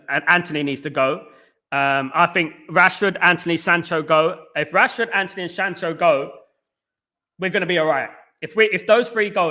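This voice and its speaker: A Northern English man runs a casual fan livestream and chats through viewer comments. His voice sits high and sounds bright and forceful, and he keeps repeating words and shout-outs. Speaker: host of a football fan livestream. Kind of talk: casual live chat reading viewer comments.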